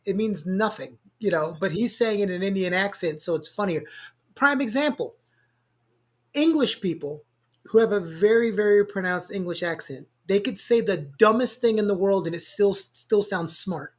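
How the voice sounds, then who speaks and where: Husky, teasing man on a livestream. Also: high voice, animated, moderate pace. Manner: teasing, exasperated, chatty. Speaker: producer and host of a livestream. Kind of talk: casual livestream banter.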